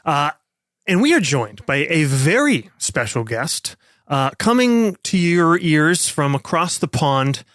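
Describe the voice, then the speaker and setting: A man's voice: fairly high pitch, very animated, slow pace, fairly bright tone, dry recording, studio quality. A man hosting and running a tabletop game as game master, chatting casually and rambling a bit. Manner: rambling, joking. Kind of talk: casual chat.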